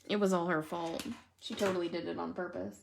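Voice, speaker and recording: A woman's voice: lowish voice, level tone, a little fast, gravelly, slight background noise. A woman hosting a live stream, telling funny stories and chatting casually with viewers by name while she colors. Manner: chatty, giggly storyteller, replying to viewers by name.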